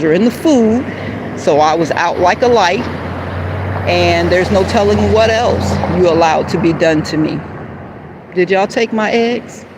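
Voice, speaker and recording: A woman talks straight to her live-stream viewers in a rambling, heated monologue. Her voice is gravelly. She sits outdoors by a street, and noisy traffic carries under her words. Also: lowish voice. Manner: rambling, heated and confrontational, then softly apologetic. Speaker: livestreamer.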